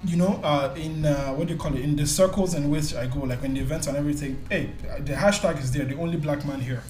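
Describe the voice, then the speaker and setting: Guest, man from Nigeria, lively storyteller, voice a bit high, roomy echo. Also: fast. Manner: lively storyteller, acts out voices and laughs often. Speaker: tech YouTuber and guest. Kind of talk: casual interview chat.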